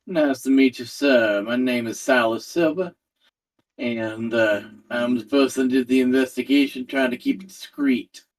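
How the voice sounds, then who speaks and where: A man playing a tabletop game, measured and formal when in character. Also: mid-range voice, distant mic. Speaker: player.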